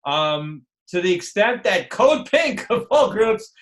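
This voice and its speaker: A middle-aged man teaches an online class slowly, his high-sitting voice sing-song and fairly bright. His casual lecture is chatty and digressive, and he acts out the voices of others.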